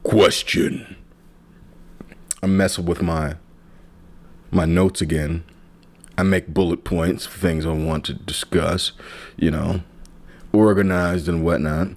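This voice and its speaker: A man hosts his own casual solo podcast in a low, steady, slightly mellow voice, speaking a little slowly and pausing often. His monologue rambles and jokes, frequently breaking off and starting over.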